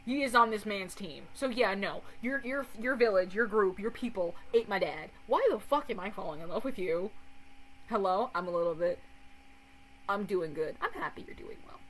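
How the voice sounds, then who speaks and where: A young woman chatting casually with a friend while they watch a recap, animated, laughing often and swearing freely. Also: medium pitch, normal speed, slight background noise, rough recording. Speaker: host.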